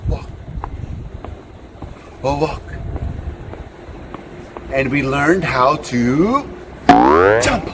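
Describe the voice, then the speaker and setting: A man presenting a children's nature walk, speaking slowly and in an exaggerated, coaxing way that invites kids to join in, recorded outdoors. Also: mid-range voice. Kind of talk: children's educational walk-along. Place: outdoors by a river. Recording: outdoor noise with passing traffic.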